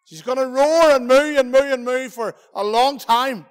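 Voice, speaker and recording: A man's voice: extremely high pitch, moderate pace, smooth, long reverb tail. A man with a Northern Irish accent, a preacher giving a playful children's talk in a church service, telling stories and asking the children questions. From Northern Ireland. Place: church hall.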